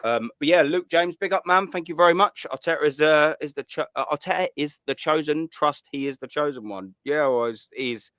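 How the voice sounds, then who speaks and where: A man's voice: a little high, fairly quick, hardly any pauses, fairly bright tone, smooth, no echo. Blunt sweary man hosting. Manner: blunt, sweary banter with rising emphasis. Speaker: host. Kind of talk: casual call-in chat.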